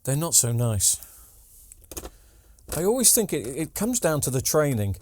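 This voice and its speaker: A man's voice: on the high side, big pitch swings, unhurried, darkish tone, a little hiss or hum. Rambling man in a workshop. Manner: rambling, joking asides, many ums and restarts. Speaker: TV repair vlogger. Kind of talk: casual chatty workshop vlog.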